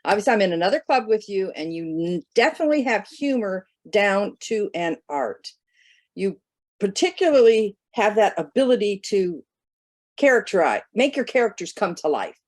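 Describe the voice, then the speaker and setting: A woman's voice: medium pitch, very animated, moderate pace, darkish tone. A woman giving formal spoken feedback at a club meeting.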